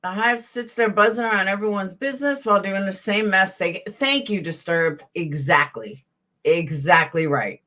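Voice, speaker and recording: A woman's voice: medium pitch, normal speed, sharp tone. A woman with a Southern accent giving a blunt, profane, heated commentary rant as a YouTube host, talking to her live chat. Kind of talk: casual ranting commentary.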